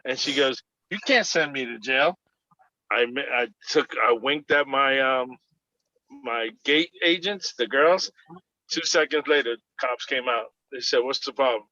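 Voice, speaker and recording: Over dull, lo-fi video call audio recorded dry, a man with a mid-range, bright and forceful voice speaks at a measured pace. He's an airline agent casually telling about a confrontation at his job, animatedly playing out both sides of it.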